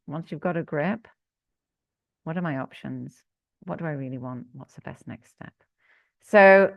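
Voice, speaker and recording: A woman executive coach giving an interactive workshop talk, asking her audience questions in an animated way. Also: low-pitched, no echo, lo-fi sound.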